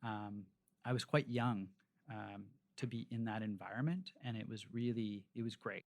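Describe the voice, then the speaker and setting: A man's voice: fairly low pitch, moderate pace, creaky, a little mellow. A man, a restaurateur, telling long anecdotes as a podcast guest, casual and rambling with many fillers and restarts. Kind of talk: casual storytelling interview.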